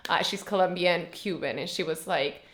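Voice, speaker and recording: A woman's voice: lowish voice, moderate pace, fairly bright tone. Chatty young woman host. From northern Mexico, Tijuana. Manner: chatty, laughs often, frequent backchannel hums. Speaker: podcast host. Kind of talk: casual interview conversation.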